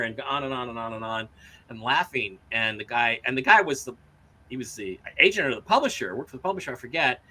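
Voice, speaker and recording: Animated storytelling man, bright voice. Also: mid-range voice, fairly quick. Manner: animated, acts out quotes in raised voices. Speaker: co-host. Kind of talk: casual storytelling chat.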